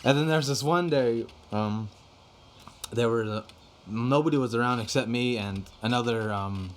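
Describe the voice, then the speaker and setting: A man's voice: mid-range voice, a little slow, slight background noise. A young man casually chatting on a podcast, rambling with lots of fillers and casual swearing. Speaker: podcast guest telling studio stories. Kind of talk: casual chat.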